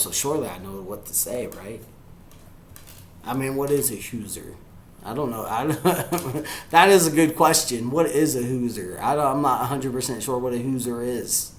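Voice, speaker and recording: Excitable man with a bright voice. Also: medium pitch, roomy sound. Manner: excitable, yells at the players, chuckles often. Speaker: sports fan reacting to a game. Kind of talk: live game reaction commentary.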